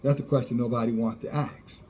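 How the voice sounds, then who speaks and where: A man's voice: medium pitch, steady tone, a little fast, a little mellow, a little hiss or hum. A man preaching a fiery sermon, scornful and sarcastic, often laughing at those he criticizes.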